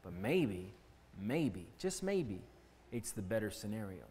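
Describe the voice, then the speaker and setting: A man's voice: on the low side, very animated, takes it slowly, warm tone, slightly rough. A man teaching children a Bible lesson in an earnest, explaining way, often asking them questions. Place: church hall. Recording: long church-hall reverb.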